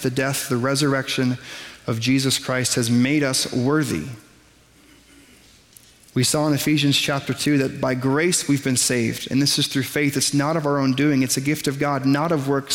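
A man preaching a sermon in a conversational, self-deprecating way, with quick asides to the congregation. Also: mid-range voice, in a large hall. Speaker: pastor. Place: church sanctuary.

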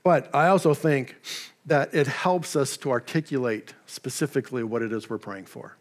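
A man's voice: mid-range voice, normal speed. A man preaching a sermon as pastor, in a conversational way with casual asides. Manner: conversational, with asides and paraphrased dialogue.

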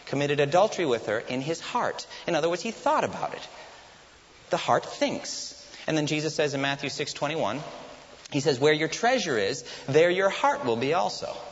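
A man's voice: a little high, sing-song, moderate pace. A man preaching a sermon to his congregation as its pastor, putting questions to the listeners and then answering them himself. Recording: lo-fi hissy recording in a reverberant hall.

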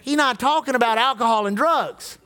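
A man's voice: extremely high pitch, normal speed, sharp tone. A man preaching a sermon as pastor, impassioned and repetitive, drawing out emphatic lines.

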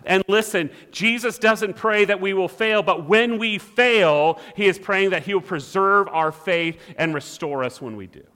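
A man preaching a sermon as pastor, animated, acting out the voices he quotes. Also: high-pitched, unhurried, hardly any pauses, big-room sound.

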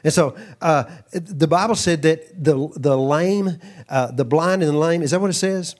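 A middle-aged man from Texas preaching a sermon, animated and lively, often breaking into asides and acting out quoted voices. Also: fairly high pitch, normal speed.

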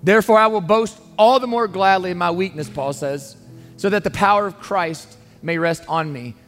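A man's voice: high-pitched, normal speed, a bit bright. A man preaching a sermon as pastor, earnest and emphatic, pleading with his listeners. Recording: long reverb, faint music underneath.

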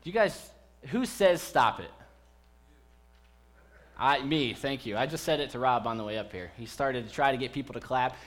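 A man's voice: mid-range voice, animated, normal speed, long pauses, fairly bright tone. Joking, chatty male pastor preaching. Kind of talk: conversational sermon. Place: church.

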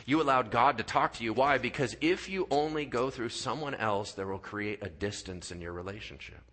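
A male pastor preaching a sermon in church, telling stories with acted-out voices and dropping to quiet, earnest tones for his key points. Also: mid-range voice, fairly quick. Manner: animated storyteller, acts out voices and sound effects. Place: church sanctuary.

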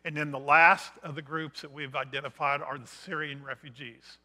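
A middle-aged male preacher delivering a missions sermon. His voice sits a little high and bright, with a forceful edge. He builds point by point and rises to emphatic, loud declarations. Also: level tone, moderate pace.

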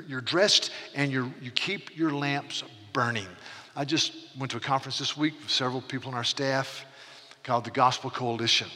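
A man's voice: a little high, pushed and bright. A man in his sixties preaching a sermon as pastor, earnest and emphatic, often repeating words as he restarts a thought. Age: 60s. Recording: long reverb of a large hall.

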